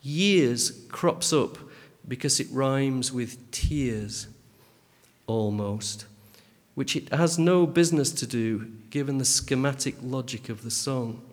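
A man reads a spoken critique in a measured, dry and pedantic way. His voice sits in an ordinary middle pitch. A long, lingering reverb trails after each phrase. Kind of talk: reading a literary critique aloud.

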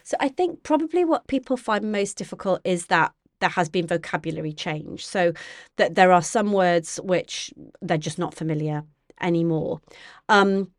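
A woman's voice: lowish voice, lively intonation, moderate pace, no room sound, studio quality. Woman professor explaining carefully. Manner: thoughtful, explanatory, with many restarts and fillers. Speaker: literature professor. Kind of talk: academic interview.

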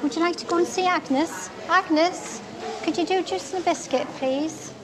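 A woman plays a cheerful food bank greeter who welcomes people in a bright, very high voice. A loud crowd chatters around her. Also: normal speed. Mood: welcoming. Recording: film scene with loud crowd behind.

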